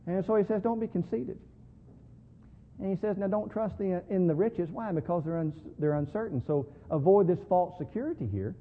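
A man preaching a sermon, moving between quiet talk and loud, slow emphasis on key words. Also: high voice, a little hiss or hum. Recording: tinny phone-like sound in a reverberant hall.

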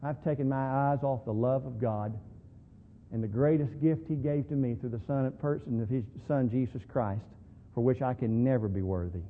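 A man preaching a sermon, moving between quiet talk and loud, slow emphasis on key words. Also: mid-range voice, slight background noise. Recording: tinny phone-like sound in a reverberant hall.

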